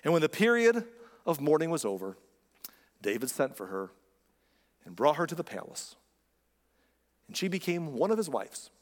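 Male pastor, sermon, casual emphatic delivery, slightly high voice, long hall reverb. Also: big pitch swings, normal speed, long pauses. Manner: conversational, emphatic, asks rhetorical questions.

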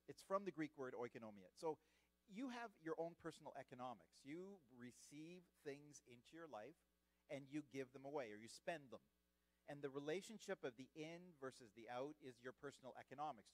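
A middle-aged Canadian man preaching a sermon, lively and joking, asking the audience questions. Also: medium pitch, no room sound, rough recording. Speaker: church leader preaching.

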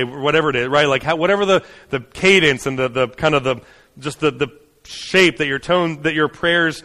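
A man's voice: fairly high pitch, big-room sound. Man preaching a conversational sermon. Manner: conversational preaching, frequent "right?" and "you know" asides; builds to fast, urgent runs, then drops soft and slow. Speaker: pastor.

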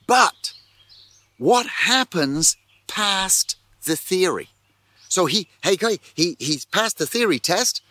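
A man pastor preaching a sermon in an animated way, full of rhetorical questions and repeated words. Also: a little high, no echo.

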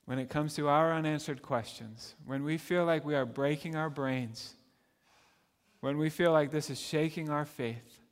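Male pastor, slightly high voice, preaching in a church with long reverb. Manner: animated, swinging between loud emphatic lines and soft hushed asides. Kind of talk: sermon.

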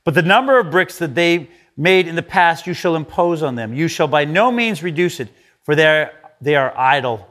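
A man's voice: on the high side, lively intonation, moderate pace, fairly bright tone. A man preaching a sermon in a conversational way, reading scripture and acting out the quoted lines. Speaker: pastor.

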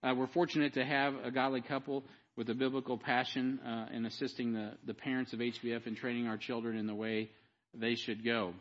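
Halting male pastor addressing his church. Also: mid-range voice, flat delivery, highs cut off. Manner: halting, many filler pauses. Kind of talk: church announcements. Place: church sanctuary.

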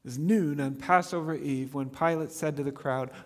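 A man's voice: fairly high pitch, normal speed. Emphatic male pastor in a reverberant church. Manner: earnest, emphatic, rises on key words. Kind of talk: sermon.

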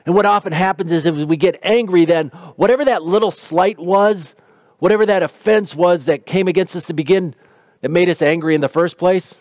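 A man's voice: on the high side, a little mellow, dry recording, clean studio sound. A man preaching a sermon in an earnest, conversational way. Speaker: pastor.

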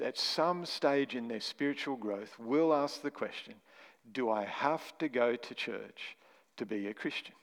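Male pastor, mid-pitched, emphatic sermon delivery, hall reverb. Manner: emphatic, stresses single words, rhetorical questions.

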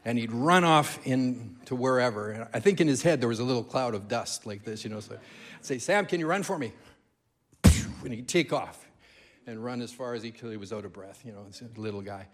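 A man preaching a sermon as a guest speaker, telling stories in an animated way and repeating key phrases for emphasis. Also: mid-range voice, a little fast. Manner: animated storytelling, emphatic repetition.

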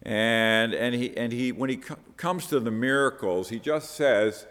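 A man's voice: medium pitch, a little slow, fairly bright tone. A man preaching a sermon on a Bible passage, earnest, often repeating words as he stresses a point. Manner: earnest, repeats words, quotes with rising emphasis. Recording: long hall reverb.

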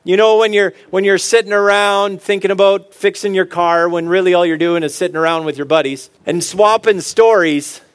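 Joking dad giving a pep talk. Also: male voice, high voice, steady tone, moderate pace, hardly any pauses. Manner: joking, storytelling, earnest asides. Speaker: speaker on fatherhood. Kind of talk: humorous motivational talk.

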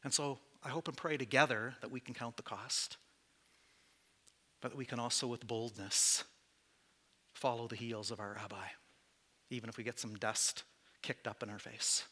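A man's voice: mid-range voice, steady tone, normal speed, pauses often, bright, forceful tone, slightly rough. A man preaching as pastor to his church, candid and conversational, with self-deprecating asides. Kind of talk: sermon.

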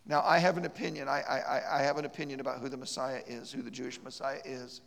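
Gravelly preacher in a reverberant church. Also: male voice, medium pitch, flat delivery, fast talker, fairly bright tone. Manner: emphatic, repeats words in restarts, storytelling. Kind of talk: sermon. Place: church sanctuary.

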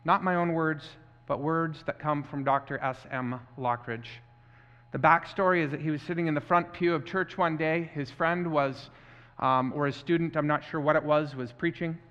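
A pastor giving an impassioned, repetitive sermon, recorded muffled in an echoey hall. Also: male voice, fairly high pitch, fairly even intonation, normal speed, fairly bright tone, smooth.

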